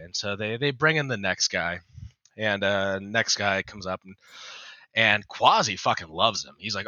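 A man's voice: lowish voice, animated, moderate pace, sharp tone, no room sound. A man co-hosting a podcast, telling a long joke in a rambling, casual way with restarts and swearing. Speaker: podcast co-host.

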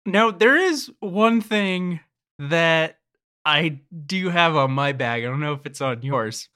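A man with a bright, forceful tone chats slowly and unhurriedly. He sounds laid-back and loose, with frequent chuckles and casual swearing. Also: on the high side, animated, clear, resonant tone. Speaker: co-host. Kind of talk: casual podcast snack review.

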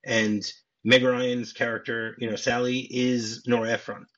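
A man with a husky, slightly breathy voice hosts a casual film podcast. He recaps scenes with eager energy and keeps restarting his sentences. The audio is dull and lo-fi. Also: mid-range voice, level tone, a little slow, a bit bright. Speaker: podcast host.

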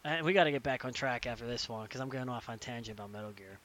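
A young man in casual podcast chat, ranting animatedly and swearing, acting out characters in quick impressions. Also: mid-range voice, fairly bright tone, a little hiss or hum.

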